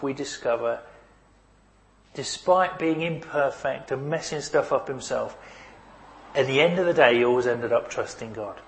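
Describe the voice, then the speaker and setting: Male preacher, mid-pitched, emphatic sermon delivery with repeated lines. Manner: emphatic, repeats key phrases, varies loudness for stress.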